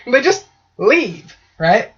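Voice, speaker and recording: A woman's voice: fairly high pitch, sing-song, slow pace, a bit bright. A woman in casual podcast chat, talking in a chatty, profane way and acting out voices. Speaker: podcast co-host. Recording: muffled lo-fi audio.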